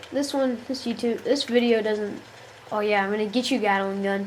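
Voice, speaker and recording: A woman's voice: medium pitch, normal speed, slight background noise, low-quality recording. A woman giving playful, trash-talking commentary over a shooter game, sounding tired. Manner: playful trash talk at enemies. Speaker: gameplay commentator. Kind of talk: gameplay commentary.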